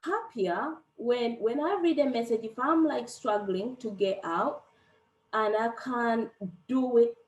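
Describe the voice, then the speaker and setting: Woman panelist, reflective and unhurried, sits back from the mic in an echoey room. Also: on the high side. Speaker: panel guest. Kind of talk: casual personal sharing. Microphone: video call. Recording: roomy, distant from the mic.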